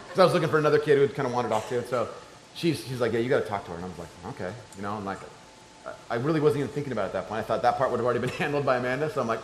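A middle-aged man preaching a sermon, telling a story and swinging between loud excited shouts and soft hushed tones. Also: medium pitch, rapid-fire. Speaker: pastor. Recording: echoey room with faint ambience.

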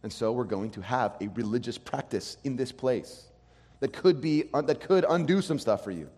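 Man, pastor, sermon, animated, mid-pitched voice, long church reverb. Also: normal speed. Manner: animated, acts out quoted voices with laughs.

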